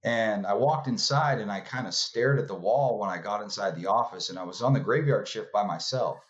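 Male guest, low voice, loose storyteller with lots of "like" and "man", dull lo-fi sound. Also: a little fast. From California. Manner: relaxed storyteller, filler-heavy, acts out quoted voices. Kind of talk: casual storytelling.

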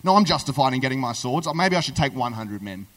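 A man's voice: medium pitch, lively intonation, fast talker, a bit bright, pitched below the performer's own voice, natural voice. A man voicing an aggrieved, hot-headed warrior leader who keeps justifying himself in casual modern phrasing. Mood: riled up. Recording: echoey hall.

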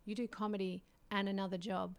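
A woman interviews a guest in a relaxed chat. Her voice sits at an everyday middle pitch. She teases and reacts with playful disbelief. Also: a little fast, clean tone. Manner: teasing, incredulous questions. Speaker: interviewer, host.

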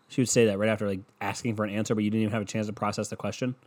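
A man's voice: on the low side, flat delivery, rapid-fire. A man hosting a solo podcast from his bedroom, talking in a rambling, profane, jokey way. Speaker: podcast host. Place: bedroom, in the dark. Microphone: microphone.

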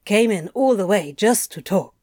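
A woman voicing a smarmy male salesman, speaking lower and slyly. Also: lively intonation, normal speed, warm tone, dry recording, studio quality, close to an everyday voice. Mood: schmoozing.

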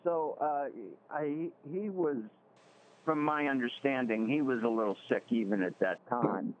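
An older man, a guest actor in a casual interview, speaking slowly and haltingly with many fillers. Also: mid-range voice. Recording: dull lo-fi audio with faint background hiss.

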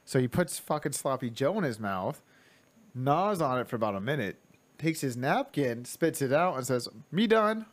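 Man, father, casual chat, swears a lot, laughs, acts out what his kid said, mid-pitched voice. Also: expressive, normal speed. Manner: swears freely, laughs often, acts out quoted dialogue. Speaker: father of young children.

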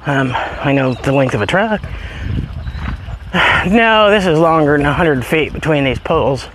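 A man's voice: lively intonation, a little slow, background noise. Chatty man talking while walking dogs. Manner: chatty, calls his dogs in a high sing-song voice. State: out of breath from walking uphill. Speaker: podcast host. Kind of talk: casual walking vlog. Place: outdoors on a hilly country road.

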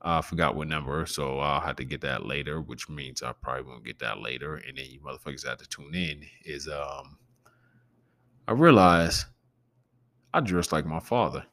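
A man with a gravelly growl in his voice, hosting a podcast in a loose, rambling and profane casual chat. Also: a bass voice, normal speed, a bit bright, no room sound. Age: adult with a preteen nephew. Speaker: podcast host.

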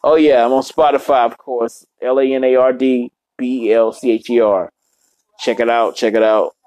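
A man's voice: mid-range voice, fairly even intonation, normal speed, a little mellow, dry recording, low-quality recording. Profane rambling man in a dry room. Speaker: podcast host. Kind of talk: casual solo podcast rant. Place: apartment room.

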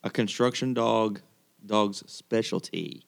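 A man's voice: lowish voice, takes it slowly, gravelly. A man hosting a casual chat show, laughing easily and wrapping up segments. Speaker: podcast host. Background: music.

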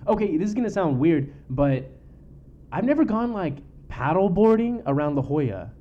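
A man's voice: on the high side, big pitch swings, moderate pace, slight background noise. Joking, profane young man, dull recording. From San Diego, California. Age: 20s. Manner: loose, profane, joking banter. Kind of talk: casual chat.

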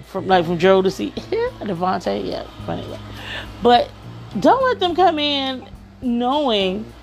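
Gravelly-voiced woman chatting casually. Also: mid-range voice. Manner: chatty, checks in with "okay?" and "right?". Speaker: podcast host giving work-from-home advice. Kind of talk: casual monologue.

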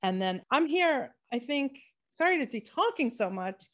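A woman's voice: high voice, very animated, moderate pace, a bit bright. A woman co-hosting a podcast, chatting casually and telling long rambling stories. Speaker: podcast co-host. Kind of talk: casual chat.

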